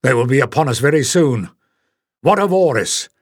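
A grim, steady older warrior who speaks in a measured, sober way, voiced by a male storybook reader. The recording is close and dry. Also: mid-range voice, breathy edge, dry recording.

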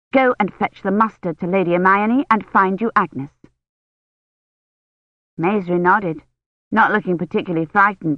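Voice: medium pitch, no room sound. Audiobook narrator, dry and slightly dull sound. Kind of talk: scripted narration.

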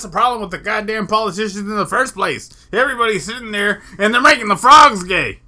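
A man's voice: sits high, animated, fairly quick, few pauses, sharp tone. A man co-hosting a casual podcast chat, ranting in a heated, profane way.

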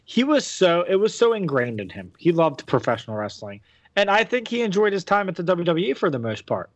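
A man's voice: high voice, big pitch swings, fairly quick, no room sound, dull audio. A man hosting a casual wrestling podcast, opinionated and rambling, with casual swearing. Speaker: podcast host.

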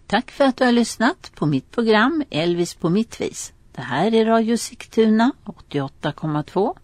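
A woman radio presenter reads her announcements in a calm, measured way. Her voice sits at a middle pitch for a woman. The sound is dry and close, with no room around it. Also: no echo.

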